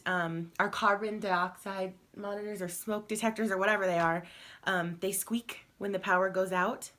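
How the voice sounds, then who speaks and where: A heavily pregnant young woman talking casually in a home vlog, chatty and rambling, laughing often and filling pauses with "um" and "like.". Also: mid-range voice, pushed and bright. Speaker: vlogger.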